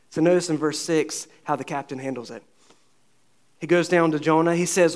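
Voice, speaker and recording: A man's voice: on the high side, steady tone, fairly quick. A man preaching a sermon to his congregation, asking rhetorical questions and acting out the dialogue of the scripture story. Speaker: pastor.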